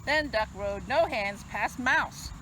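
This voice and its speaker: Lady librarian reading a picture book to kids, unhurried, voice bouncing all over. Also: fairly high pitch, a little hiss or hum, poor audio. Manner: expressive, sing-song storyteller. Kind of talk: children's story-time read-aloud. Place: library video recording.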